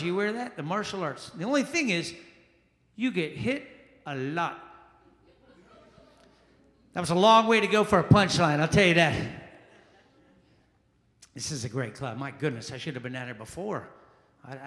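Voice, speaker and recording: Loud stand-up comic in an echoey club. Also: male voice, on the high side. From Charleston, South Carolina. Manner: loud, punchy crowd work. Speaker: stand-up comedian. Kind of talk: stand-up comedy set. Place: small jazz club. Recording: echoey club room with long reverb.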